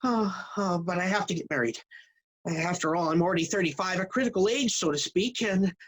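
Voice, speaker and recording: Here the same flustered hypochondriac suitor, a nervous man of 35, is performed on stage with stammering hesitation. The delivery is brisk and lightly acted in a mid-range voice, and the audio quality is poor.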